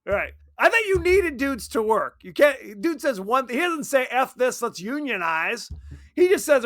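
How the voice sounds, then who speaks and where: A man co-hosting a casual movie podcast, animated and acting out characters' lines. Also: extremely high pitch, normal speed. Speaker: podcast co-host.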